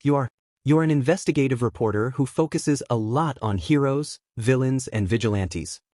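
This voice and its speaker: A man's voice: medium pitch, moderate pace, dark tone, no room sound, clean studio sound, lightly acted. A man voicing a nervous, exhausted young woman reporter who speaks shakily and hesitantly. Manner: shaky, hesitant.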